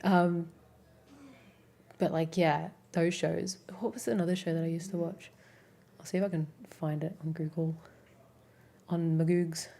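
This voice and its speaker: Low-voiced Australian woman streamer chatting. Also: fairly even intonation, unhurried, vocal fry, pauses often, warm tone. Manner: rambling, filler-heavy, giggly. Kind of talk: casual chat with live chat.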